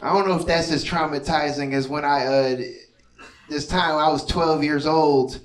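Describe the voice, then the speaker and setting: A man's voice: a little high, fairly even intonation, moderate pace. Stand-up comic man in a roomy club. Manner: conversational, keeps asking the crowd "you know what I mean". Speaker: stand-up comedian. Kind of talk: stand-up comedy set. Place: comedy club stage before a laughing audience. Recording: roomy live club sound from far off, crowd laughter.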